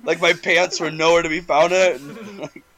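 A man's voice: on the high side, fairly even intonation, normal speed, a bit bright. A young man in casual chat, telling stories about himself in a laid-back, self-mocking way with laughs.

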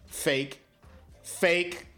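A man co-hosting a podcast in casual banter, slangy and animated, laughing often. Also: on the high side, drawn-out words, over music. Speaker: podcast co-host.

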